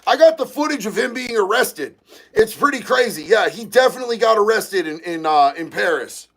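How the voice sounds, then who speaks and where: A man hosting a casual livestream, reading viewer comments aloud and talking in an excitable, profane way that breaks into shouting. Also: high voice, a little fast. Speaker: livestream host reading chat.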